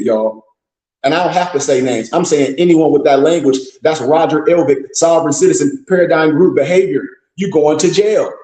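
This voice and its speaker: A man holds forth in a blunt, profane, scolding lecture, his voice pitched a little high and mellow in tone. The sound carries a noticeable roomy echo. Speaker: host of a live discussion. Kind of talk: impassioned lecture-style talk.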